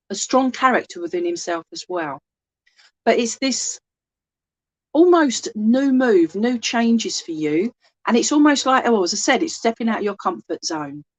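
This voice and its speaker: A woman serving as a spiritualist medium, giving a gentle, reassuring reading online from home and relaying messages with many asides. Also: mid-range voice. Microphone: laptop microphone.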